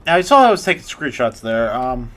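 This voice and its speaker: A man with a medium-pitched, sing-song, fairly quick and slightly bright voice narrates a tutorial over his screen recording, explaining his creative process casually, rambling and hesitant with many restarts.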